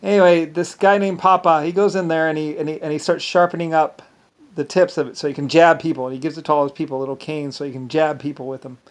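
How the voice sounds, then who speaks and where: A man's voice: a little high, fairly even intonation, fast talker. A man talking in a rambling, casual monologue, often restarting sentences and slipping into quoted asides. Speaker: vlogger.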